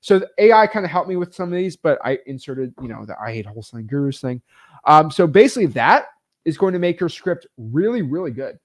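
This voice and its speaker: A man teaching real estate wholesaling in a casual, energetic way, full of fillers like "like" and "um". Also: a little high, brisk.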